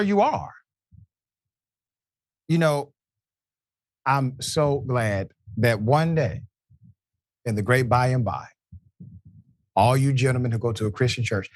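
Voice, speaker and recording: A man's voice: medium pitch, dry recording, studio quality. A man hosting a live show, reading viewer comments and giving pointed, conversational commentary. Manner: pointed, conversational, addresses people directly.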